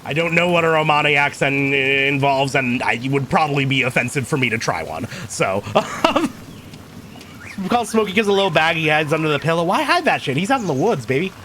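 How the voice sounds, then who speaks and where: A game streamer giving quick, joking commentary between lines. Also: mid-range voice, sing-song, pushed and bright, a little hiss or hum. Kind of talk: casual gameplay commentary.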